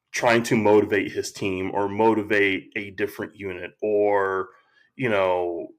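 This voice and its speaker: A man talking as a podcast guest, telling stories in a slow, reflective way and acting out quotes. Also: on the low side, a bit bright. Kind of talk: casual conversation.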